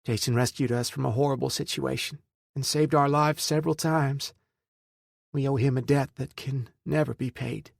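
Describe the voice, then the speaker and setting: A man's voice: medium pitch, fairly even intonation, normal speed, vocal fry, no room sound, clean studio sound, pitched above the performer's own voice. A man voicing a humble, grateful mother of two girls who speaks politely.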